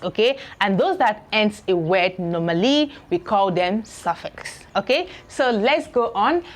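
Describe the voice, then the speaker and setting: A woman teaching beginner English at a board, drilling syllables slowly and checking in with "okay?" after each point. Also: mid-range voice. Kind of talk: classroom lesson at a board. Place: classroom or room with a board.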